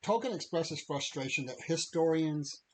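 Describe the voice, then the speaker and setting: A man co-hosting a podcast, chatting and reading passages aloud in a measured, steady way. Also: fairly high pitch, poor audio. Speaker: podcast co-host.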